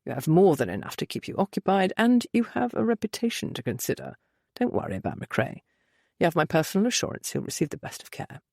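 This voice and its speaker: A woman voicing a calm, commanding older male duke who speaks flatly and with dry authority. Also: lowish voice, fast talker, vocal fry, no echo, exaggerated voice.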